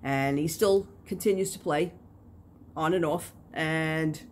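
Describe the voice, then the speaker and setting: A woman's voice: low voice, slow, slight background noise. A middle-aged woman chatting to the camera in a casual, rambling vlog, telling stories with lots of fillers. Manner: rambling, animated storytelling with many fillers. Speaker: crafting vlogger.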